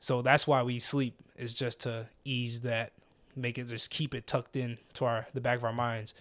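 A man's voice: mid-range voice, flat delivery, normal speed, a bit bright. Young male host, casual slangy podcast talk, rambling. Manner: loose slangy rambling, trails off often. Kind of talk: casual chat.

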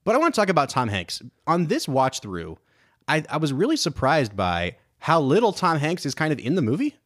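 A man's voice: a little high, wildly swooping pitch, brisk, fairly bright tone. A man co-hosting a casual film podcast, talking enthusiastically and analytically about a movie. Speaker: podcast co-host.

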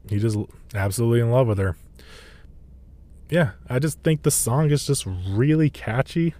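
A young man talks on his own podcast in a loose, rambling way, leaning on "like" at every turn and swearing without a second thought. His voice sits at an ordinary middle pitch. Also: normal speed, warm tone. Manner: rambling, full of "like", laughs often and swears freely. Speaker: podcast host. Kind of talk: casual podcast monologue.

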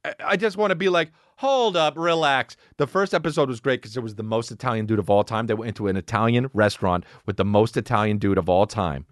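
Excitable, profane male comedian. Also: on the low side, fast talker, few pauses, no echo, studio quality. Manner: profane, excitable, heavy on "dude". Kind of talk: comedic storytelling rant.

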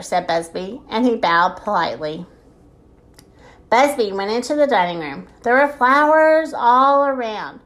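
A woman reading a children's storybook aloud at a slow, gentle pace. Her voice sits slightly high and she adds expressive sound effects.

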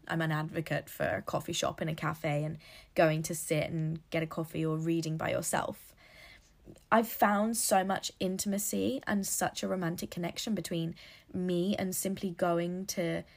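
A woman's voice: on the low side, fairly even intonation, moderate pace, creaky. A woman hosting a casual solo podcast, chatty and rambling, laughing at her own slips. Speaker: podcast host.

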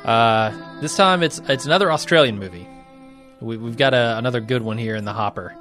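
A man hosting a casual podcast, easygoing and quick to laugh. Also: mid-range voice, fairly bright tone, faint music behind. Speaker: podcast host.

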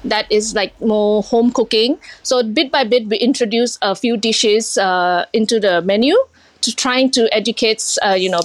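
A middle-aged Indian woman who owns a restaurant speaks emotionally in an interview, with many fillers and restarts. Her voice is medium-pitched, and the recording is dry.

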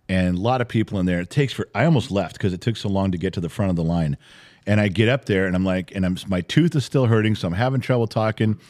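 A middle-aged man co-hosting a podcast, telling a story in casual chat, animated and swearing freely. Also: lowish voice. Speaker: podcast co-host, father.

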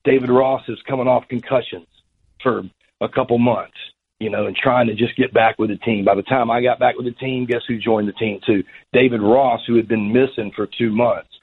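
A man's voice: medium pitch, fairly even intonation, normal speed, a little hiss or hum. A man, a former ballplayer, telling a long story as an interview guest, rambling with many restarts. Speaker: former baseball pitcher, guest. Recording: tinny phone-line radio audio.

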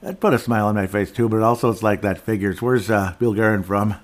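A middle-aged man hosting a casual solo sports talk podcast, rambling and digressive with jokes, often clearing his throat. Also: lowish voice, quick pace. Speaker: podcast host.

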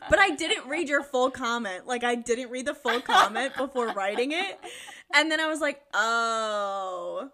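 A young woman co-hosting a comedy podcast, recapping a show in a giggly, animated storytelling way. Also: sits high, moderate pace, slight background noise. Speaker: podcast co-host.

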